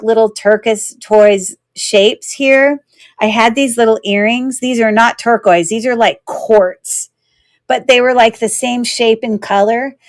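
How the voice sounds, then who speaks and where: Young woman, live-auction seller, rambling and chatty, mid pitch, dry close sound. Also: creaky, no room sound. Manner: chatty and rambling, many fillers, quick self-corrections, laughs often. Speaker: live online jewelry auction host. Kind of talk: casual live-selling chat.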